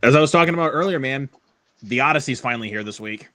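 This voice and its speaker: A man's voice: medium pitch, quick pace, bright, forceful tone, dry recording. A young man hosting a casual online hangout, laughing often and restarting his sentences. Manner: laid-back, laughs often, stumbles and restarts. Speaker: stream host. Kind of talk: casual chat. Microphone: online call.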